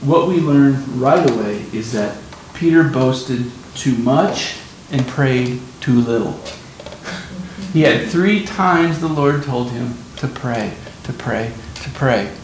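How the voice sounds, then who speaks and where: A man's voice: animated, takes it slowly. A man preaching a sermon on scripture, explaining emphatically and repeating his key points. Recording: very echoey room, faint rumble.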